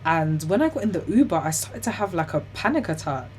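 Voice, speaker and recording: Chatty young woman, lowish voice. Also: brisk, slight background noise. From Ghana and the UK. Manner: chatty and animated, heavy use of "like" and "you know"; laughs often while telling hard stories. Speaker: guest. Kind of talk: personal storytelling in an interview.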